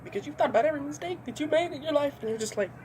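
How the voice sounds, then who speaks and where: A woman's voice: high-pitched, animated, very fast, darkish tone, slight background noise. A young woman doing a comedy monologue, ranting with lots of swearing and acting out voices. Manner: profane, ranting, acts out voices.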